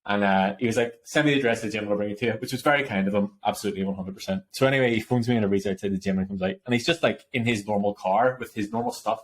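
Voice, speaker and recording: A man co-hosting a podcast, talking quickly in a lower register. He tells stories in an animated, laughing way, with the odd casual swear. It is a relaxed chat between two friends. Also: a little hiss or hum. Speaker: podcast co-host.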